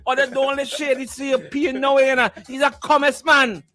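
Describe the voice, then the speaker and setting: A man's voice: very high voice, little pitch movement, fairly quick, few pauses, sharp tone, soft background music. A man, hosting a morning radio show and telling stories in a teasing way, repeating himself and laughing often. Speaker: radio host. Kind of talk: animated morning-show storytelling.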